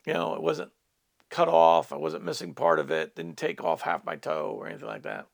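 Gravelly, lively middle-aged male pastor. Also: a little high, moderate pace. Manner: earnest storytelling with asides to listeners. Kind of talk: personal testimony in a teaching talk.

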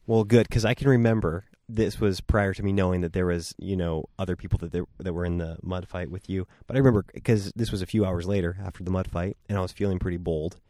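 Low-voiced young man, dry teasing. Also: fairly even intonation, fast, few pauses, warm tone, dry recording. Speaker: podcast co-host. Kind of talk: casual chat with spouse.

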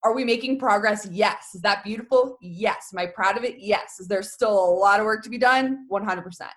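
A woman hosting a casual interview, animated and chatty, using rhetorical questions and lots of fillers. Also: medium pitch, fairly quick. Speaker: host.

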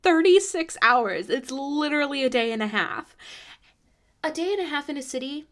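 Animated young woman telling a story. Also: high-pitched, brisk. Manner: animated, acts out quoted voices. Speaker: podcast host. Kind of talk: casual storytelling.

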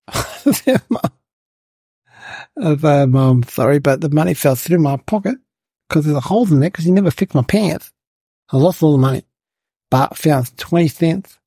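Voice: mid-range voice, lively intonation, moderate pace, pauses often, mellow, breathy edge, dry recording, clean studio sound. A performer voicing a cheeky, chatty little boy who rambles on and fusses about fairness and manners, in a comedic monologue. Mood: rambling, indignant.

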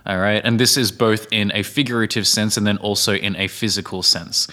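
A man's voice: fairly even intonation, brisk, bright, forceful tone. A young man co-hosting a podcast, explaining the meaning of a word in a casual way. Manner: explains vocabulary plainly, drops lower when defining. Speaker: podcast co-host.

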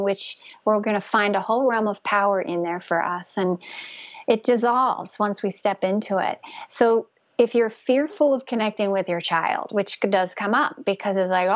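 A woman guest speaking gently and earnestly about spiritual connection, with frequent restarts. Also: medium pitch, no room sound, muffled recording. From Northern California. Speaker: guest, conception coach. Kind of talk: casual interview talk.

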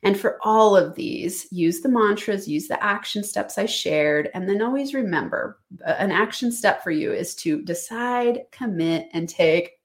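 A woman's voice: mid-range voice, animated, measured pace, hardly any pauses. A woman business coach giving an enthusiastic, chatty motivational talk straight to her audience.

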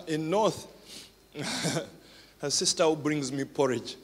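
A man's voice: fairly high pitch, slow, slight background noise. A man pastor preaching a sermon, laughing often and growing tearful and emotional. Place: church hall. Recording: reverberant hall.

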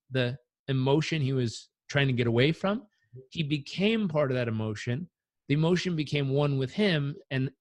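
A man on a podcast telling personal stories in an animated way, acting out the voices in them. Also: on the high side, no echo. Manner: animated, acts out quotes. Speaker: guest. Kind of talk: conversational storytelling.

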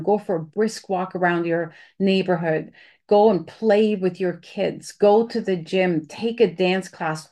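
A woman speaks in a relaxed, candid advice talk. Her voice sits somewhat low. She rambles a bit, with fillers and restarts, like talking to a friend. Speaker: host giving advice.

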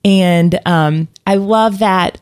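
A woman's voice: mid-range voice, drawn-out words, a little mellow, smooth. A woman telling a personal story in casual conversation, rambling with fillers and restarts. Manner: rambling, many restarts and fillers, laughs often.

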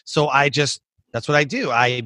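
A man's voice: mid-range voice, moderate pace, sharp tone, no echo. A man who hosts a podcast and coaches, chatting in a rambling way, full of "like" and restarts. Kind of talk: casual interview chat.

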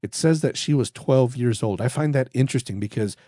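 Man, podcast Bible teacher, earnest and conversational, mellow tone, close dry sound. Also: medium pitch, a little fast, dry recording. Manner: earnest, conversational, with frequent restarts and repetition. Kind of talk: casual spoken Bible teaching.

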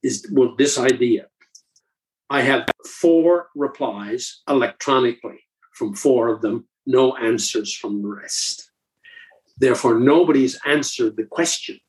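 A man's voice: medium pitch, measured pace, low-quality recording. A man in his seventies from Newfoundland, Canada, a guest in an interview, telling stories earnestly and often restarting his phrases. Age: 70s. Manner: earnest, repeats and restarts while recounting calls. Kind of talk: conversational storytelling.

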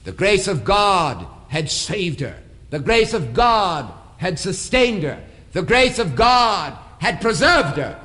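A man's voice: high-pitched, sing-song, takes it slowly, bright, forceful tone. A man preaching a sermon in a church, building emphasis through repeated phrases. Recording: long hall reverb.

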